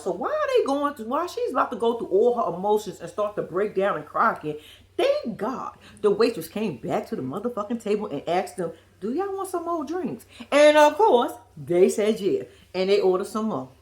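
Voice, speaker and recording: A woman giving a profane, animated recap of a reality show, acting out quotes in a blunt, sassy way. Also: fairly high pitch.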